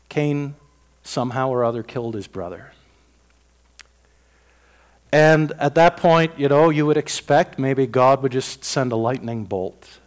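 A man delivering a sermon with a somewhat high-pitched voice. He talks in a folksy, conversational manner, voicing dialogue himself. He rises to loud bursts and then drops to quiet asides. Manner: swings between loud bursts and dropped-voice remarks. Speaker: preacher.

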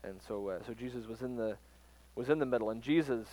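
A man teaching from the Bible in an informal sermon, pausing often with fillers and restarting his sentences. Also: medium pitch, mellow, poor audio. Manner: halting, frequent fillers and restarts. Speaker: preacher.

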